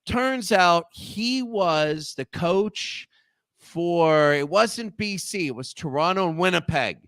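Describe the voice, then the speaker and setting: A man's voice: sits high, slow pace, dry recording. A man in his thirties tells a long, rambling story as a guest on a casual talk show, restarting his sentences as he goes. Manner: rambling, animated anecdote with restarts.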